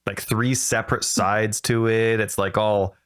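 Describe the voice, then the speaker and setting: A man hosting a gaming podcast, talking in a rambling, excitable way and often correcting himself mid-sentence. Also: on the low side, measured pace, smooth. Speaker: podcast host. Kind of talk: casual podcast chat.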